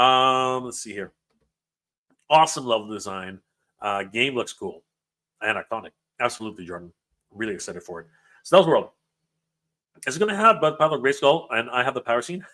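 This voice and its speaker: A man hosting a livestream, emotional and excited, often stumbling over his words while reading viewer comments. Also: mid-range voice. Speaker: livestream host.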